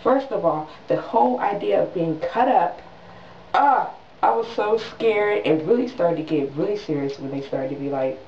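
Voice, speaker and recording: Animated young woman on a distant echoey mic. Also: on the low side, a little hiss or hum. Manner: animated, dramatic retelling with quick voiced asides. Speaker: new mother vlogger. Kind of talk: casual storytelling vlog. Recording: distant mic in an echoey room, dull sound.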